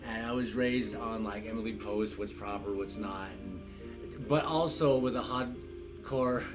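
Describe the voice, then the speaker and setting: A man's voice: on the low side, measured pace, low-quality recording. A man from Arizona chatting casually on a stream beside the host, rambling off on long tangents. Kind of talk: casual live-stream chat. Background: game music.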